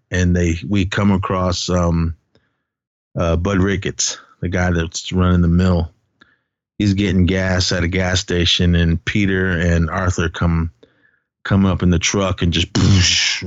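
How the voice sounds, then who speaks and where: A man hosting a podcast, casually recapping a film in animated storytelling and acting out the characters' lines. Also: low-pitched, a little slow, dry recording, lo-fi sound. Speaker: podcast host.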